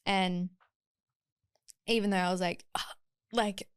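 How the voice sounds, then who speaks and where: A woman podcast host talks through a personal story, candid and expressive. Her voice is smooth and clear at a middle pitch, and it sits dry and close to the mic. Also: takes it slowly, no echo. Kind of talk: casual interview chat.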